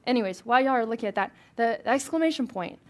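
A woman's voice: fairly high pitch, lively intonation, quick pace. A woman leading a Bible study for a small group, reading scripture aloud and chatting with questions to the room.

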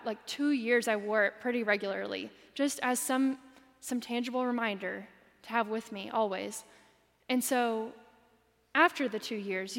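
A woman preacher giving a sermon, reading scripture with animated, dramatic emphasis. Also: a little high, in a large hall.

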